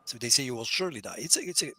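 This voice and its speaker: A man in a casual discussion, explaining Hebrew scripture in an animated way with frequent restarts. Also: medium pitch, rapid-fire, slightly rough.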